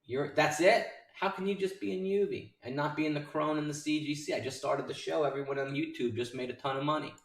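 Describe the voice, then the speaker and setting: A man hosts a live trading show, rattling off prices with hyped energy in a slightly high voice. He sits back from the microphone, so his voice sounds roomy and a little distant. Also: steady tone, brisk, few pauses. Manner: hyped, rattling off stock prices and chat names. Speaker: day trading show host.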